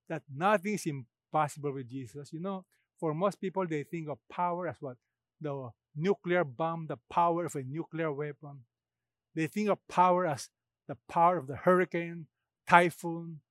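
Male preacher, high pitch, dry, no room, emphatic sermon with rhetorical questions. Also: dry recording.

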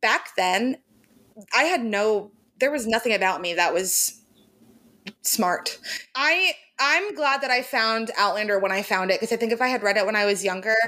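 A woman's voice: mid-range voice, lively intonation, moderate pace, sharp tone. A young woman co-hosting a podcast, chatting casually and gushing emphatically about a favorite book series, laughing often. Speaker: podcast co-host.

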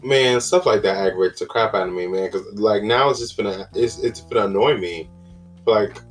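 A man's voice: fairly low pitch, fairly quick, faint music behind. A man hosting a casual solo podcast, rambling and chatty with lots of fillers and exclamations. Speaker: podcast host.

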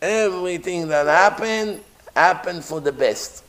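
A man voicing a calm, faithful servant who speaks slowly and reassuringly in a told story. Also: high voice. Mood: steady.

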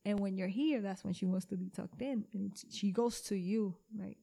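A woman's voice: medium pitch, moderate pace, creaky, dark tone. A woman chatting casually, mixing English and Spanish and asking teasing questions. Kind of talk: casual chat.

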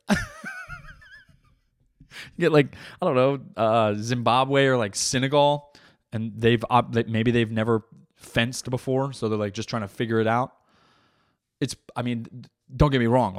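A man's voice: medium pitch, no echo, studio quality. A young adult man hosting a podcast, riffing in a casual comedic monologue, rambling and swearing a lot.

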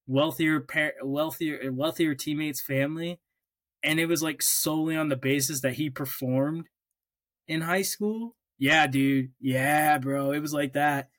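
A man's voice: on the high side, fairly bright tone, dry recording. Swearing young man, dry close sound. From Oklahoma. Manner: storytelling, swears freely, restarts often. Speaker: podcast co-host. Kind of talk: casual chat.

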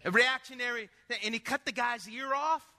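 A man preaching a sermon as pastor, telling lively stories and putting questions to the congregation. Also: very high-pitched, normal speed, in a large hall. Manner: animated storytelling, asks the congregation questions.

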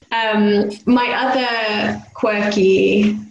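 A young woman from the UK co-hosting a casual podcast chat, animated and loud when she imitates street sounds. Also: medium pitch. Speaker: podcast co-host. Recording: echoey room, faint background noise.

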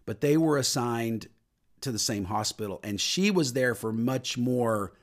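A middle-aged man hosting a faith podcast as a minister. He talks earnestly at a mid pitch, lifting his voice when he preaches and going quiet and low when he tells personal stories. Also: lively intonation, a little slow. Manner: earnest preaching, rises on scripture and drops low for personal story. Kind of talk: podcast sermon talk.

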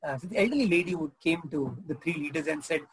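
A man's voice: on the high side, fast talker, slightly rough, low-quality recording. A man preaching a sermon as pastor, conversational, asking the audience questions and joking. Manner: conversational, asks the audience questions, tells jokes.

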